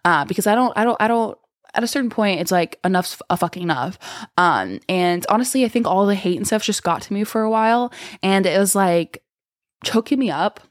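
A woman's voice: medium pitch, lively intonation, fairly quick, no echo, studio quality. A young woman hosting a podcast in casual chat, talking bluntly, with lots of swearing and rambling asides. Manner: blunt, profane, rambling and candid. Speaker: podcast host.

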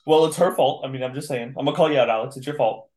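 A young man co-hosting a podcast, chatting casually and teasing with quick reactions. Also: mid-range voice, darkish tone. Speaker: podcast co-host. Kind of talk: casual chat.

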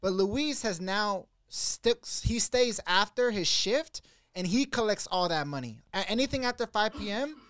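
High-voiced, animated podcast host. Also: male voice, measured pace, clear, resonant tone, dry recording, clean studio sound. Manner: animated storyteller, acts out others' outbursts loudly. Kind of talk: casual chat. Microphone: studio mic.

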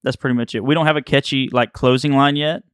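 A man's voice: medium pitch, fairly even intonation, quick pace, clean tone, no room sound, studio quality. A young man, co-hosting a podcast in casual chat and telling rambling stories with frequent laughs. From Alabama, US. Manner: rambling storyteller, laughs often. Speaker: podcast co-host.

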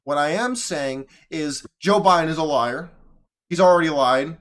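Man, high-pitched voice, sarcastic, solo political commentary, argues back at clips. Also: normal speed, a bit bright. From United States. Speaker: podcast host.

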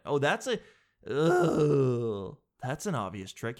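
Animated young man doing stand-up. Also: medium pitch. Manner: animated, slangy, mimics people in quick put-on voices. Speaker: stand-up comedian. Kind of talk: stand-up comedy routine.

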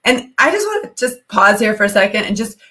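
A woman's voice: mid-range voice, very animated, a little fast, pushed and bright. A woman hosting a podcast interview, talking with enthusiasm and rambling through many restarts. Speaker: podcast host. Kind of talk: casual interview chat.

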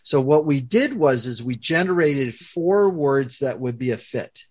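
A man's voice: mid-range voice, measured pace. A man working as a conflict coach, explaining a communication method to a guest and acting out quoted lines as he goes. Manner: animated teacher, acts out quoted lines.

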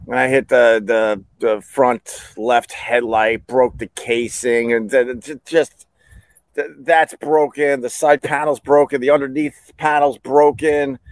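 A man's voice: medium pitch, flat delivery, measured pace, no room sound. Dry-sounding man telling a rambling story. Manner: rambling, self-mocking, full of restarts and acted-out dialogue. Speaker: podcast host. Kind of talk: casual storytelling monologue.

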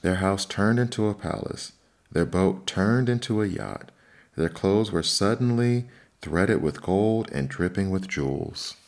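A man reading fairy tales aloud in steady, measured storybook narration. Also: low-pitched. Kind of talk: fairy tale read-aloud.

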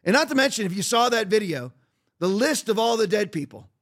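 A middle-aged man with a high-pitched voice hosts a podcast, delivering political commentary. He talks in an emphatic, repetitive way, leaning on sarcasm to make his points. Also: very animated, brisk, fairly bright tone. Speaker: podcast host.

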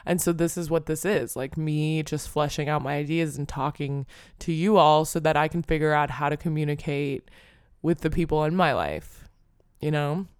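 A woman's voice: sits low, clear, resonant tone, no echo, studio quality. A young adult woman hosting her own podcast, talking alone in a rambling, self-deprecating way, full of "like" and casual cursing. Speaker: podcast host. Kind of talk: casual solo podcast monologue.

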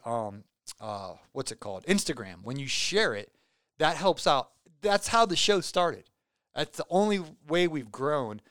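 A young man hosting a podcast, chatting casually and rambling excitably with lots of fillers and self-deprecating jokes. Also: on the high side, clear, resonant tone, no echo, studio quality. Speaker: podcast host. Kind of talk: casual podcast sign-off chat.

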